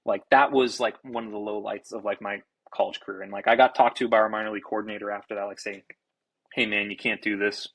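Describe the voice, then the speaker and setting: A young man, a baseball pitcher and podcast guest, telling a story in an animated, casual way, swearing freely and restarting his sentences. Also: quick pace, hardly any pauses, breathy edge, rough recording. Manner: animated, self-described fiery, swears freely, many restarts.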